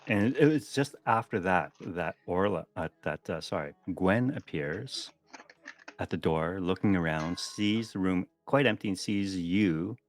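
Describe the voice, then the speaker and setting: A man narrating as game master of a tabletop game, relaxed and chatty with frequent ums and self-corrections. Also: low-pitched, measured pace.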